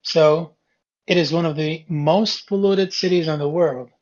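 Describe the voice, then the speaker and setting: A man's voice: fairly high pitch, steady tone, unhurried. A man teaching a class and going over a reading quiz. He explains each question step by step and repeats key words patiently. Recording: dull lo-fi classroom recording.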